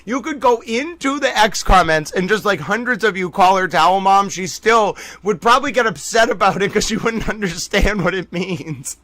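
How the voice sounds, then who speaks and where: High-voiced guy on a livestream, playful, laughs a lot, super dry close sound. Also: lively intonation, moderate pace, few pauses, sharp tone, no echo. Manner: playful, laughs often, mock-dramatic. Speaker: livestream host. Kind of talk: casual livestream chat.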